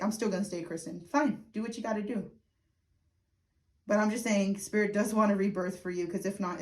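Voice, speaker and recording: A woman giving a casual, frank tarot reading who laughs often and swears now and then. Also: mid-range voice. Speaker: tarot reader.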